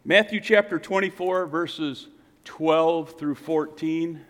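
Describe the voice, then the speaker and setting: Male pastor, sermon, slightly high voice, big echoing hall; alternates loud emphatic calls with hushed low asides. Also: slow. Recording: reverberant hall.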